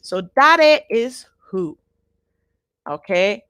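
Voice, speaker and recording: A woman teaching a live online Japanese class, patient and repeating each word slowly for her learners. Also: fairly low pitch, animated, dry recording.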